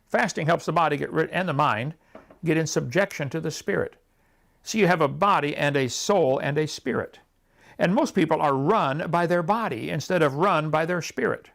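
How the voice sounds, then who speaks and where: Man, preacher, sermon, gravelly, fairly high voice, storytelling. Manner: animated storytelling, acts out prayers and quotes.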